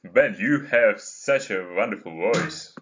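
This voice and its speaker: Slow, halting man on a distorted call. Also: on the low side, lively intonation, a bit bright. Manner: hesitant, halting, many fillers. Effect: distorted, monster-like voice changer sound. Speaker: host of an online discussion hangout. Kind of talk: casual group video call chat. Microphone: video call. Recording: dull, faintly noisy call audio.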